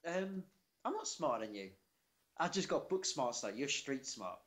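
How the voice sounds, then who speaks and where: A young man with a lively, bouncing voice, co-hosting a casual podcast. He teases his brother playfully and spins made-up stories for laughs. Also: medium pitch, normal speed. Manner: teasing, playful storyteller. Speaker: podcast co-host. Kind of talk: casual chat.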